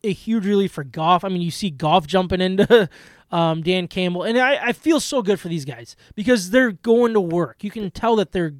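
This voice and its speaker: In casual sports chat on a football podcast, this co-host gets excited, laughs easily and restarts himself plenty. His strikingly high voice comes through close-miked and dry, without any room ambience.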